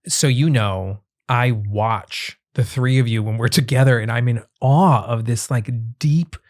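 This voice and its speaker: A man's voice: medium pitch, unhurried. Earnest, emotional man hosting a podcast. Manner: earnest and openly emotional, gently probing. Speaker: podcast host interviewing his husband. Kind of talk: heartfelt podcast conversation.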